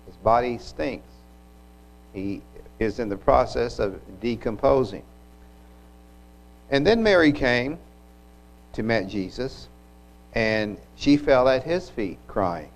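A man delivers a sermon, walking through a scripture passage at a very slow, deliberate pace. His pitch sits in an ordinary middle range, and he pauses and restarts now and then as he reflects aloud. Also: animated, rough recording. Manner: unhurried, reflective, with occasional restarts. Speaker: preacher.

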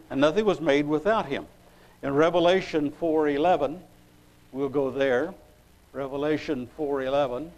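A man preaching a sermon, reading scripture aloud and pausing as he looks up verses. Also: a little high, darkish tone, low-quality recording. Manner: unhurried, pausing while looking up verses.

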